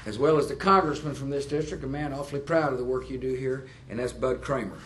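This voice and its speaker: A man's voice: mid-range voice, a loud crowd, very noisy. Folksy man in his sixties giving a speech. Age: 60s. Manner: folksy, halting with fillers, self-deprecating asides. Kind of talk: public speech to plant workers. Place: nuclear power plant, indoors.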